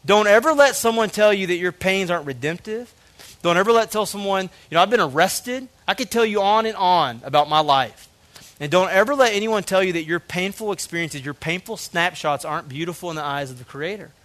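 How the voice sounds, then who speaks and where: A man's voice: sits high, lively intonation, fairly quick, fairly bright tone. Earnest man preaching with a lighter voice. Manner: earnest, emotional storytelling with frequent "man". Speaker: pastor. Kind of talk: sermon.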